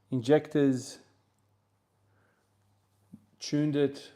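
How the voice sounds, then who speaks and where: A man from South Australia with an Australian accent, chatting casually on a livestream between gym sets and answering questions from chat in a relaxed, rambling way. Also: mid-range voice, a little slow, long pauses. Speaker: streamer and lifter.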